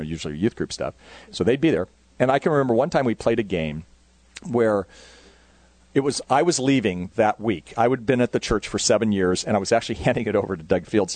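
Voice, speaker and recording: A man's voice: lowish voice, a little mellow, dry recording. Chatty middle-aged man telling church stories. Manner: conversational, self-correcting, quick asides. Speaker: youth ministry speaker. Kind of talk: conference talk with anecdotes.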